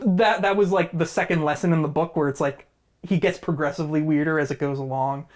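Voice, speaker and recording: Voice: medium pitch, steady tone, fairly quick, a little mellow, soft background music. Casual TV-review co-host, rambling, lots of fillers, bursts into voices. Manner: rambling, acts out scenes in voices. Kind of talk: casual TV episode review chat.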